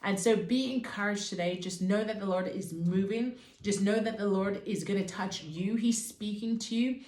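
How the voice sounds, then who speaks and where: A woman's voice: medium pitch, moderate pace, darkish tone. A woman telling a personal faith testimony to her viewers in an earnest, fervent way. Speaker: Christian vlogger. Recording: roomy echo.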